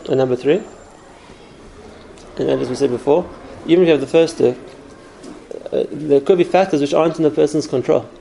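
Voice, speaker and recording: Gravelly-voiced man teaching a Torah class. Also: a little high, a little fast, pauses often, warm tone, a little hiss or hum, poor audio. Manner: earnest, explanatory, uses numbered points.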